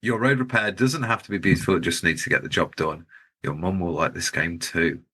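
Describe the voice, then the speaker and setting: A man's voice: deep voice, a little fast, bright, forceful tone, breathy edge. A man co-hosting a podcast, reading out game listings in a playful, laid-back way. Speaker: podcast co-host.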